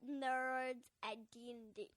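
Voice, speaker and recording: A woman's voice: sits high, fairly even intonation, takes it slowly, a bit bright, clean tone. A young woman guest in a casual podcast chat, giggly and playful.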